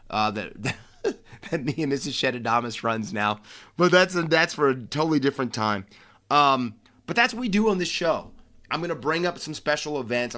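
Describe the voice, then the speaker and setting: This American man runs a sports podcast on his own, his voice medium-pitched with a touch of brightness. His delivery is loose and cocky, full of false starts.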